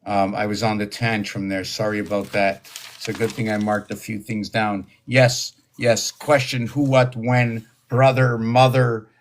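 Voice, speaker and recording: A man's voice: on the low side, little pitch movement, a little slow, a little hiss or hum. Man rambling to his camera. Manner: meandering, thinks aloud with many fillers. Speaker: video host. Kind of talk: rambling solo video talk.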